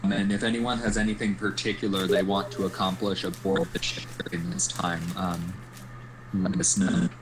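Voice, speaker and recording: A man narrating as game master of a tabletop game, pausing often with ums. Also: deep voice, little pitch movement, noisy background. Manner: hesitant, many ums.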